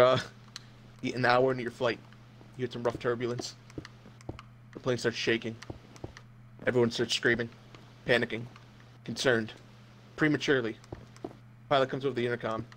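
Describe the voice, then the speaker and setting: A young man running a comedic role-play game as game master, narrating in a deadpan, crude way. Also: medium pitch, slight background noise.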